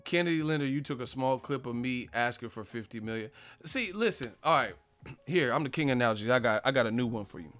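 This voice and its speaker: A male boxing channel host rants on a live stream in a mid-pitched voice, full of slang and profanity. He tells stories and analogies with animated energy, and faint music plays behind him. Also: quick pace.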